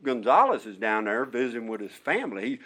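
A man's voice: mid-range voice, fast talker. A middle-aged man, a director of prison chaplains, telling a story in a folksy, conversational way and acting out the voices of the people he quotes. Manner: animated, acts out quoted voices. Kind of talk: storytelling testimony.

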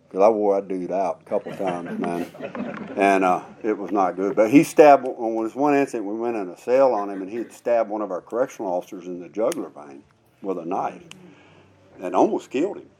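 A man's voice: on the low side, a little mellow, a little hiss or hum. A middle-aged man, a former prison officer turned preacher, telling a testimony in a folksy sermon style. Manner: folksy storytelling, drawn-out emphatic asides.

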